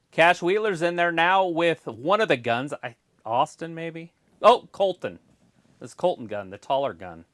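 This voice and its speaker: Brief: man, loose wrestling watch-along co-host, lively pitch, dry close sound. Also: no room sound. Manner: loose, swearing, play-by-play calls. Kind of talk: casual live commentary.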